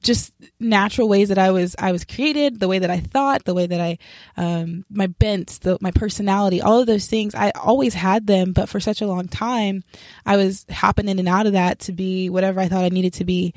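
A young woman talks through her faith testimony in a candid, self-reflective way, straightforward and sharp in how she puts things. Her voice sits at a middle pitch for a woman, and the recording is close and dry with no room sound. She slips into remembered conversations as she goes. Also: fairly even intonation, moderate pace, no room sound. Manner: straightforward, describes herself as sharp. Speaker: speaker sharing a personal faith testimony. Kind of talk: casual spoken testimony.

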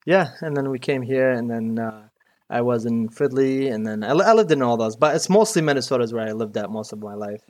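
A man's voice: mid-range voice, animated, brisk, a little mellow. A young man from Iraq, a mechanic guest chatting casually in an interview, rambling and peppering his talk with "dude" and "you know".

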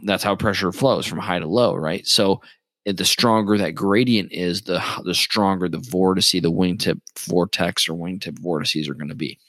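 A man's voice: low-pitched, dry recording. A man who works as a flight instructor, explaining aviation in a rambling, casual way with lots of fillers and restarts.

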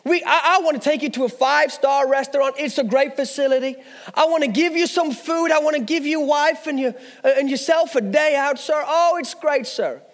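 A man's voice: extremely high pitch, fairly quick, long reverb tail. A man voicing an eager American timeshare salesman with a put-on American accent, who says "sir" again and again. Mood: pushy. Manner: eager, repeats "sir" constantly.

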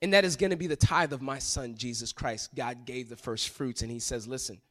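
A man preaching as a pastor, swinging between loud emphatic passages and hushed, quiet ones. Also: mid-range voice, brisk. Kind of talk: sermon.

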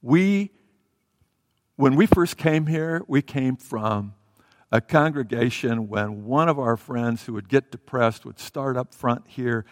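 Animated preacher in a reverberant hall. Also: male voice, medium pitch, slow pace, studio quality. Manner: animated, acting out the story, swinging between loud and soft. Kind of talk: sermon.

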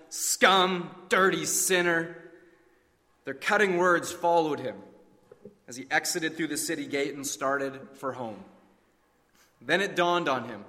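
Male preacher, dramatic storyteller swinging from hushed to loud, forceful and bright, echoing sanctuary. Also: on the high side. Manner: dramatic, drops to a hush, then cries out. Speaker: pastor. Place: church sanctuary. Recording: long reverb of a large hall.

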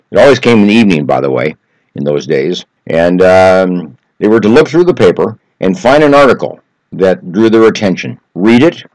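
A man telling a story in an earnest, measured way, building emphasis through repetition. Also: low voice, darkish tone, no echo, rough recording. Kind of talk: reflective storytelling talk.

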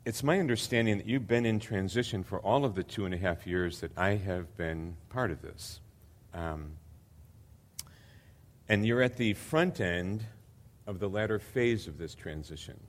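An older man preaching as a visiting pastor, earnest and hesitant with many fillers, building to emphatic repetition. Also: low-pitched. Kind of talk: sermon.

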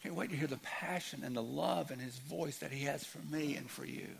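A man in his fifties preaching a sermon as a pastor, earnest, dropping to a hush and then rising loud, often repeating his words. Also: fairly high pitch, a little fast, creaky, husky.

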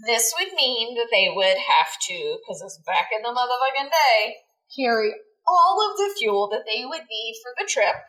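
A high-voiced, bright woman, a podcast co-host who tells a history story in a loose, cussing, jokey way. Her voice leaps up into excited squeals for the punchlines. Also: normal speed, poor audio. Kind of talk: casual storytelling chat.

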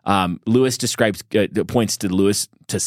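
Enthusiastic male co-host with a lowish voice, thinks aloud, restarts sentences; dry studio sound. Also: normal speed, no echo. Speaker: podcast co-host. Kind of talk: casual discussion.

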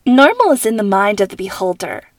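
A perky, playful teenage girl who bounces her pitch up with excitement, as a woman voices her. Light and cheerful in tone. Recorded dry and close. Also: fairly quick, dry recording.

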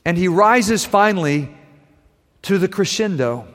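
A man's voice: high voice, animated, a little slow, fairly bright tone, long reverb tail. A man preaching a sermon in a conversational way, with wry asides to his congregation. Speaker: pastor.

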